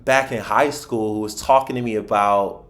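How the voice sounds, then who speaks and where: A man from Philadelphia, a podcast guest, telling a personal story in an animated way with frequent restarts and acted-out quotes. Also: lowish voice, moderate pace.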